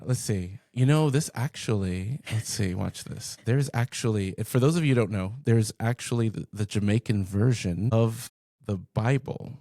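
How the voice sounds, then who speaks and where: A man's voice: moderate pace, dry recording, studio quality. A man, a pastor, talking casually and with energy through a Bible passage with a co-host. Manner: animated, jumps into high pitch for jokes and read-outs. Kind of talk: casual conversational Bible discussion.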